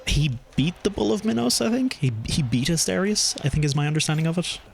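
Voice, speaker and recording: A man streaming a game, chatting casually and thinking aloud as he plays, with his pitch jumping up when something surprises him. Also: expressive, fast, creaky, slight background noise. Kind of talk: casual gameplay commentary.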